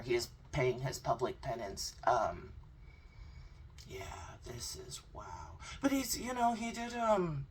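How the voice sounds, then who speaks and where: A woman's voice: a bass voice, very animated, unhurried, slightly rough. A young woman giving a blunt, sarcastic, profane crypto commentary vlog. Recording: distant mic with faint background noise.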